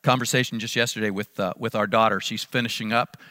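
A man's voice: lowish voice, fairly even intonation, fast, sharp tone, no echo, studio quality. A middle-aged man preaching a sermon as pastor, emphatic and repeating key phrases for stress.

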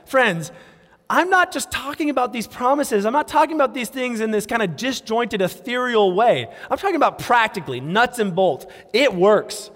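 A man in his thirties, a pastor, preaching a sermon and telling a story earnestly. He drops to a soft hush when he prays. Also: very high voice. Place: church sanctuary. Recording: long hall reverb.

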